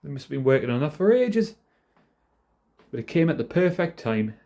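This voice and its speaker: A man's voice: fairly high pitch, sing-song, normal speed, mellow. A man ranting in a casual, rambling way on a phone held in his hand, swearing freely and laughing often. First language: not American. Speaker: vlogger.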